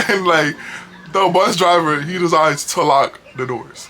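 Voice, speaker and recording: A young man telling a storytime vlog in an animated, casual way, laughing often. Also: a little high, unhurried, a little hiss or hum. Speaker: vlogger.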